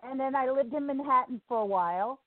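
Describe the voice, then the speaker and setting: A woman's voice: high-pitched, brisk, no echo. New York woman, chatty, on a phone line. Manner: chatty, rambling, laughs easily. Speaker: guest, singer. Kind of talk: casual interview. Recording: tinny phone-like line, dry.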